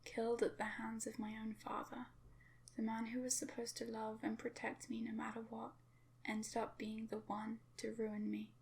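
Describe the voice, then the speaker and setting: Hushed whispery young woman reading a creepy story, gravelly, kinda higher pitched, slight cough. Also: normal speed, a little hiss or hum. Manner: hushed, often whispered, steady narration. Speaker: fanfiction reader. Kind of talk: first-person horror story reading.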